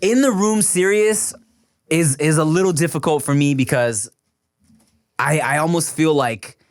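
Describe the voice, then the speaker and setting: A man chatting casually as a podcast guest, relaxed and slangy. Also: a little high, a little slow, dry recording, clean studio sound. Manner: relaxed, slangy, many fillers. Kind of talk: casual chat.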